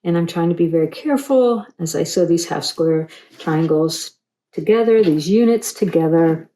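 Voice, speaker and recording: A middle-aged woman talks through a quilting tutorial as she sews. Her voice sits low and mellow, and she wanders into rambling, self-deprecating asides. The room around her is echoey. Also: normal speed. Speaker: quilting instructor. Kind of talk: casual tutorial chat while sewing.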